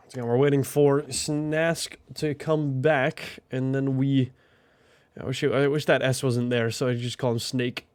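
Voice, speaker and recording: A man's voice: mid-range voice, steady tone, takes it slowly, dry recording. Chatty man hosting a game stream. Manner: chatty, thinking aloud, frequent fillers. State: out of breath. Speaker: tournament host. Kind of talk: casual livestream commentary.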